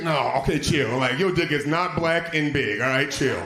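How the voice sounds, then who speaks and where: A man doing a stand-up comedy set on a club stage, telling a profane story about his son and dog and jumping into loud, high voices for the quotes. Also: moderate pace, few pauses. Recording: roomy club echo.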